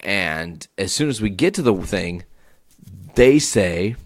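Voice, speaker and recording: A man hosting a solo podcast, telling a story as a profane, animated rant. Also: low voice, slow pace, no echo, studio quality. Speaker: podcast host.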